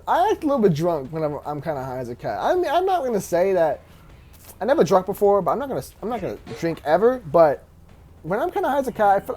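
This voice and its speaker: A man's voice: high voice, darkish tone. Rambling young man telling a story. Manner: rambling, laughing, many restarts and fillers. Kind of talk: casual story time.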